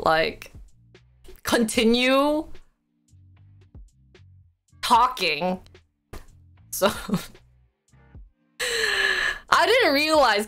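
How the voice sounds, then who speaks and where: A woman's voice: on the high side, fairly bright tone. A young woman chatting casually on a live stream, rambling and poking fun at herself. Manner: chatty, rambling, self-mocking.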